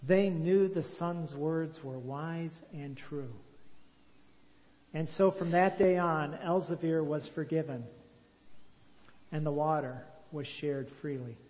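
Reading a moral tale aloud, this man is deliberate and expressive, then shifts into explaining it as a religious instructor. His voice runs a little high and echoes at length around a large hall.

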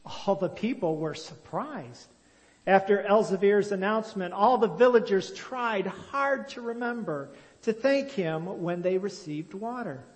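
A male storyteller reads a moral tale in a measured, expressive way and then explains it as a religious teacher. His voice sits a little high, with a long echo from a large hall.

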